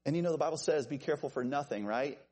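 A man preaching an evening sermon, animated and joking with listeners he calls by name. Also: rapid-fire, slightly rough. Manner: animated, jokey asides to named listeners, lively pitch swings.

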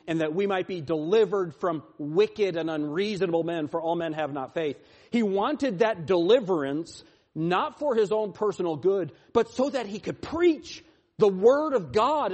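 A man preaching a sermon in a slightly higher-pitched voice. He swings from loud, pleading lines to hushed, quiet ones, and slows right down to stress the key lines. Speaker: pastor.

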